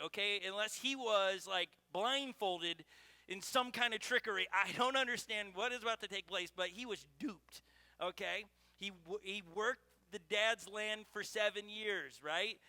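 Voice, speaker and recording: A man's voice: high voice, pushed and bright, no room sound. A middle-aged man preaching a sermon, telling personal stories in an earnest way, with frequent restarts. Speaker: pastor.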